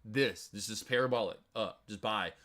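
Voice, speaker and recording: Bright-voiced excitable male stream host. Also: fairly low pitch, moderate pace. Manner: excitable, chatty, quotes others in loud outbursts. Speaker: stock trading livestream host. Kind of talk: casual live-stream chat to viewers.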